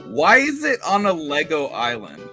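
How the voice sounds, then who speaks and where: A man co-hosting a casual chat over gameplay, riffing in a silly, animated way, with game music behind him. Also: on the high side, normal speed. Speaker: co-host.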